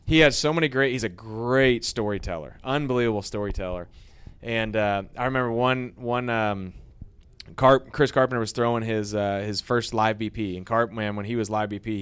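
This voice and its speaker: A man, a former baseball pitcher, telling rambling anecdotes in a casual interview, growing lively as he retells old stories. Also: moderate pace, smooth.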